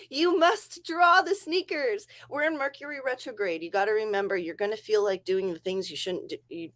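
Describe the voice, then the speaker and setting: A woman hosting a casual writing livestream, chatty and rambling, laughing often between thoughts. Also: medium pitch. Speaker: livestream host.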